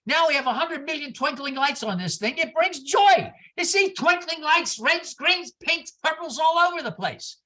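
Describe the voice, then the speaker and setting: A woman minister giving a sermon, telling stories in an animated way with exclamations and asides to the congregation. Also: high-pitched, normal speed, hardly any pauses. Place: church service.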